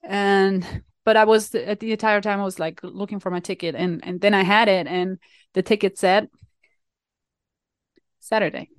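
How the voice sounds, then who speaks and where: A woman's voice: medium pitch, steady tone, moderate pace, pauses often, no echo. A young woman from Switzerland, chatting casually to her viewers and telling a self-mocking story with lots of fillers and restarts. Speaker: vlogger.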